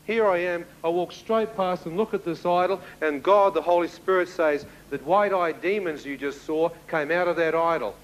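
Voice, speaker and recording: Animated New Zealand man preaching. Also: on the high side, moderate pace, few pauses, poor audio. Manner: animated storyteller who acts out dialogue, with laughs. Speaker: preacher giving a testimony. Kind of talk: testimony sermon to a congregation.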